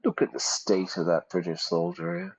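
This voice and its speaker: A man's voice: sits low, sing-song, normal speed, slightly rough. A man, an English teacher, casually commenting on a game while explaining vocabulary, with jokey, playful asides. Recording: dull lo-fi sound.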